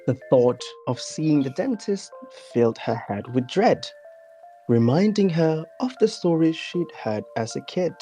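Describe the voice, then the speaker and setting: A woman reading a children's bedtime story aloud in turns, relaxed and quick to laugh, with soft music behind her. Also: sits low. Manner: laughs easily, relaxed and playful. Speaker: storybook reader.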